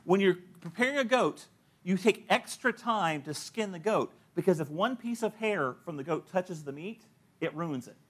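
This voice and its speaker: A man's voice: sits high, lively intonation, normal speed, a bit bright. A middle-aged male pastor preaching a sermon, telling stories and acting out the people he quotes, often laughing at his own points.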